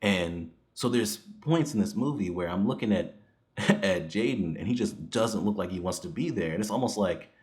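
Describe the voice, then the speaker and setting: Low-voiced man rambling through a movie review. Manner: rambling, with frequent chuckles and fillers. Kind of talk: casual spoken review.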